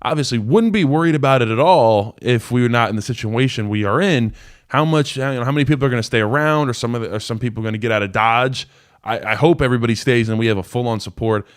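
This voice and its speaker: A man's voice: medium pitch, quick pace. Rambling young man hosting a call-in show. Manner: casual, rambling storyteller with many fillers. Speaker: show host, former college football player. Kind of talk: live call-in sports talk.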